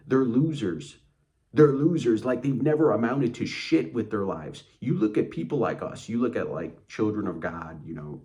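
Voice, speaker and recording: A man's voice: on the low side, mellow. A man delivering an angry motivational rant as a channel host, blunt and contemptuous, with frequent cursing.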